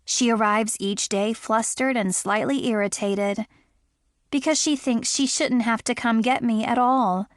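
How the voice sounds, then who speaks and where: A woman reads a romance audiobook in the first person, reflective and wistful. Her voice sits a little higher than most and is recorded close and dry. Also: a little slow, dry recording. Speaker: audiobook narrator.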